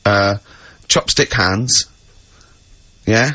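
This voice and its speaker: A man's voice: on the low side, sharp tone. A man co-hosting a comedy radio show, laughing easily and spinning silly what-if scenarios. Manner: giggly, spins absurd scenarios with quick laughs. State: unwell. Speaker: co-host. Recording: radio studio recording.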